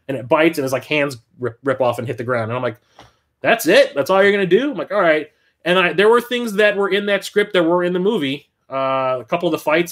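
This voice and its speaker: Animated, slightly high-voiced male streamer. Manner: animated storyteller, swears freely, quick bursts of excitement. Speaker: livestream host. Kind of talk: casual livestream chat.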